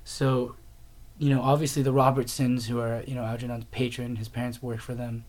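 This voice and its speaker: A man's voice: mid-range voice, little pitch movement, a little fast, darkish tone. A man hosting a casual TV review show, rambling through his thoughts with many fillers and restarts. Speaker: TV review podcast host.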